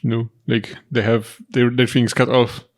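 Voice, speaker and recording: A man, co-hosting a reaction video and cracking deadpan dark jokes. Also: medium pitch, normal speed. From Poland. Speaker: reaction channel co-host. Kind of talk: casual chat.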